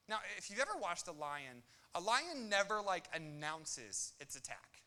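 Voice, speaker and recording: Animated, bright-voiced young male pastor. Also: high-pitched. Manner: animated, joking, quick asides and acted quotes. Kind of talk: sermon.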